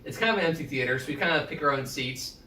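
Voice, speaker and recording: A man in his twenties chats on a podcast, his voice bright and fairly high. He tells stories with animated energy and plenty of swearing. He sits back from the mic in an echoey room with faint noise. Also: fast, far from the mic. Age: 20s. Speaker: podcast co-host. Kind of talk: casual chat.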